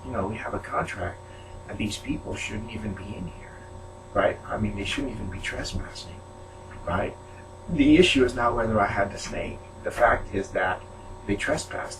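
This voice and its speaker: A man talking to his viewers from his apartment in a rambling casual monologue, often tagging his sentences with "right?". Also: on the low side. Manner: rambling, tags statements with "right?". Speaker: video blogger. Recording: distant mic with loud hum.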